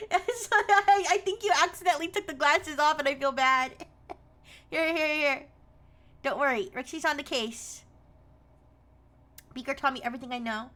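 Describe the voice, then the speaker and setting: A woman's voice: sits high, bright, forceful tone. A young woman streaming a game live, chatting casually and laughing often as she greets viewers by name.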